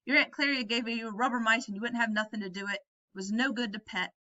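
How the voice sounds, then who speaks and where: A woman's voice: on the high side, steady tone, fast, pushed and bright, highs cut off. Exasperated ranch hand ranting, read by a woman. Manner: ranting, scolding.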